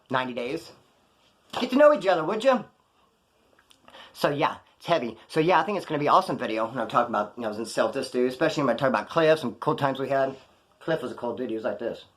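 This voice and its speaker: A man telling stories from prison in a casual, slangy way, acting out the lines of the people in them. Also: on the high side. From California. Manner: slangy, animated, acts out other people's lines. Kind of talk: casual storytelling to camera.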